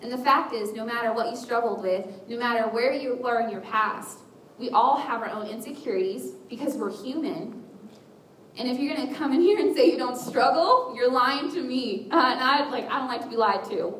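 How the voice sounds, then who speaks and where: Woman telling her story at church, kinda high voice, candid and self-mocking, mic off at a distance, faint rumble behind. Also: moderate pace, fairly bright tone. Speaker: speaker sharing a personal testimony. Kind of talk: candid testimony talk to a church group. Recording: roomy echo with a faint rumble, voice picked up from a distance.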